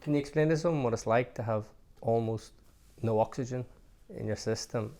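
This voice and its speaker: A man's voice: mid-range voice, a little fast, mellow. A man hosting an interview, asking questions and summing up the guest's story for listeners. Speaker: podcast host.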